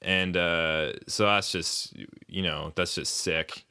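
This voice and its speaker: Deep-voiced man chatting loosely. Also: steady tone, takes it slowly, pushed and bright, a little hiss or hum. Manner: rambling, swears often, laughs mid-sentence. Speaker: podcast co-host. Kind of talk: casual chat.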